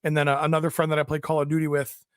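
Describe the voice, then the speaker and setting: Higher-pitched man rambling casually. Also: monotone, rapid-fire, clear, resonant tone, dry recording, studio quality. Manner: rambling, self-deprecating storyteller. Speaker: podcast co-host. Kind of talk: casual chat.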